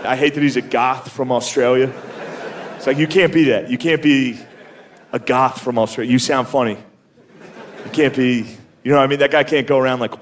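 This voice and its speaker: A man's voice: mid-range voice, fairly even intonation, brisk. A male stand-up comedian telling a rambling story, often laughing through his lines. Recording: live club recording with audience and noise. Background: audience.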